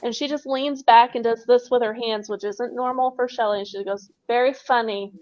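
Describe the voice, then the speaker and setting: A woman, a paranormal investigator, telling a ghost-hunt story in casual podcast chat with brisk detail. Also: fairly high pitch, steady tone, darkish tone, slight background noise. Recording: dry, dull lo-fi mic.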